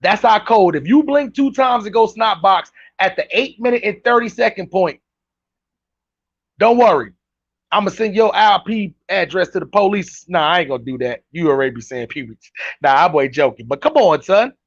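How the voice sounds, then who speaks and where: A man's voice: sits high, lively intonation, moderate pace, breathy edge, no echo. A man giving casual, slangy reaction commentary, ranting emphatically as a vlog host. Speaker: commentary vlogger. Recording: dull dry lo-fi recording.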